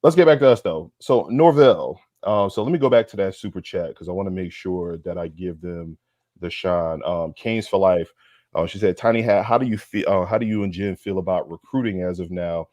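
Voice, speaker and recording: A man's voice: sits low, brisk, a little mellow, no echo. A man co-hosting a casual sports talk livestream, brash and profane, building into heated rants. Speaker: co-host.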